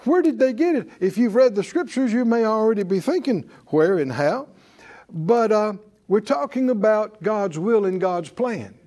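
A man's voice: high-pitched, expressive, normal speed, warm tone. A man teaching a Bible class in sermon style, folksy, with chuckles and rhetorical questions. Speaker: preacher and teacher.

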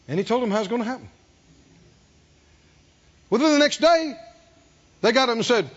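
Male pastor, high lively voice, acts out quotes, asks the congregation questions, slightly dull lo-fi recording. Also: normal speed, long pauses. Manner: animated preaching with call-and-response questions to the congregation; acts out quoted voices with big swings in pitch and loudness. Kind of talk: sermon.

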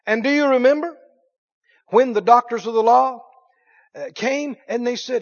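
A man's voice: very high-pitched, normal speed, long pauses, highs cut off. Folksy preacher man. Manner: folksy, emphatic, repeats phrases for effect. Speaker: pastor. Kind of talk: sermon.

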